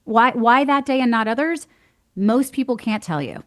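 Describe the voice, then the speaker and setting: Animated woman telling stories. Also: fairly high pitch, normal speed. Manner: animated storyteller, acts out quoted voices, laughs often. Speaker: podcast guest. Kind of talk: casual conversation.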